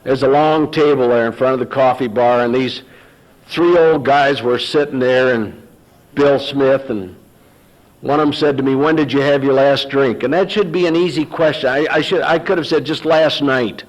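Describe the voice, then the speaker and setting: A man's voice: mid-range voice, moderate pace, poor audio. Middle-aged man, folksy storyteller, quotes dialogue. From Texas. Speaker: recovery meeting speaker. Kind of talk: personal story told to an audience.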